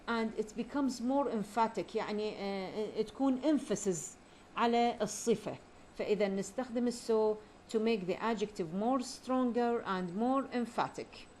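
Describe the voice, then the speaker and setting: Woman teaching grammar, slow on examples. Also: on the high side, a little mellow, slight background noise. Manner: explanatory, repeats key terms, slows down for English examples. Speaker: English teacher. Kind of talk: grammar lesson mixing Arabic and English.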